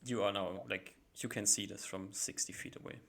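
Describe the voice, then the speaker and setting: A man with a low, gravelly voice runs a tabletop game. He talks in a flat, even tone, piling on fillers as he describes what the players see and hear. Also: normal speed. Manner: loose, filler-heavy narration. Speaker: game master. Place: home setup, live stream.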